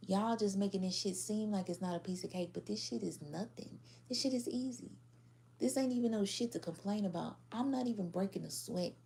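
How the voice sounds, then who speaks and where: A woman's voice: mid-range voice, normal speed, vocal fry, dark tone. A woman giving a casual tarot reading to a general audience, blunt and profane, acting out how other people react. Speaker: tarot reader.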